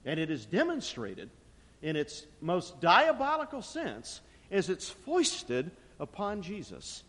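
A man's voice: wildly swooping pitch, slow pace. Emphatic preacher man in a reverberant hall. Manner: emphatic, dramatic swings in pitch and loudness. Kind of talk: sermon. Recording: long reverb of a large hall.

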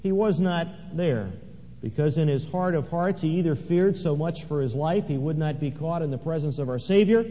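Dramatic preacher in an echoey hall. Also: male voice, a little high, warm tone. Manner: dramatic, swelling on quoted scripture. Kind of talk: sermon. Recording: echoey hall, dull lo-fi sound.

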